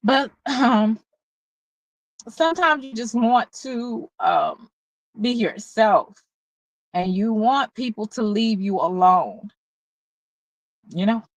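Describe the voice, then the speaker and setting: A woman with a Southern US accent, talking candidly and haltingly in a personal vlog, at times close to tears. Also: a little high, expressive, no room sound, poor audio. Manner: slow, candid, halting, with many pauses and fillers. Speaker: vlogger. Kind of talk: emotional personal vlog talk.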